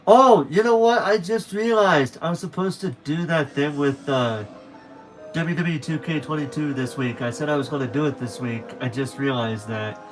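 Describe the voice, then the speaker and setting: A man's voice: a little high, moderate pace, music in the background. A young man chatting casually to viewers on a late-night stream, rambling and correcting himself as he goes.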